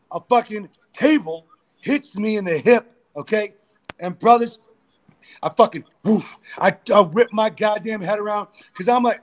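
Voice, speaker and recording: A man's voice: sits high, measured pace. A man, a pro wrestler guest, telling crude, profane backstage stories in a casual interview. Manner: profane, animated storyteller.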